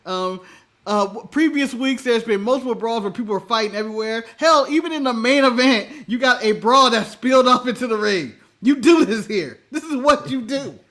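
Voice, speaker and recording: American man, high lively voice, bright tone, blunt, laughs a lot, casual wrestling chat co-host. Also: normal speed. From United States. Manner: blunt, laughs often while talking.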